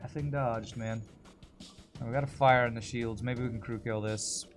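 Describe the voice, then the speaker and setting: A man at a middling pitch streams a game and talks it through casually. He muses over his moves and banters with chat between fights. Faint game music plays under his voice. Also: fairly even intonation, moderate pace. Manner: chatty, reads and answers chat while playing. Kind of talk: casual gameplay commentary.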